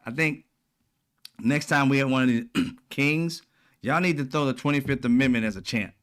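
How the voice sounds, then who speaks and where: A man's voice: medium pitch, moderate pace, fairly bright tone. A man hosting casual political commentary, talking bluntly with profane slang and a mocking, sarcastic edge. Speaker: commentary channel host.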